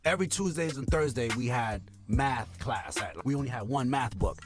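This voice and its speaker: A man's voice: mid-range voice, expressive, normal speed, over music. A man telling his own story in an interview, acting out the people he quotes and laughing often. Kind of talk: animated storytelling.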